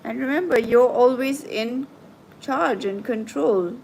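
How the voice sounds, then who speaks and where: Slow, soothing woman livestream host. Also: a little high, gravelly, a little hiss or hum, low-quality recording. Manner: soothing, reassuring, slow and gentle. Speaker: tarot reader and coach hosting a livestream. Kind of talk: live stream chat reading viewer comments.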